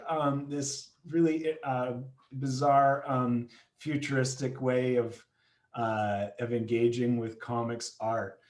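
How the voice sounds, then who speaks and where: A man hosting a live online comics reading on a video call, talking casually with many pauses and fillers. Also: medium pitch. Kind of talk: casual event introduction. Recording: roomy echo.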